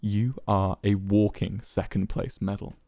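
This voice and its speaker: A man's voice: mid-range voice, big pitch swings, fast, dry recording, clean studio sound. A man voicing a proud, stammering fallen leader in a read-aloud story. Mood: bitter. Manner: stammering, then bitter.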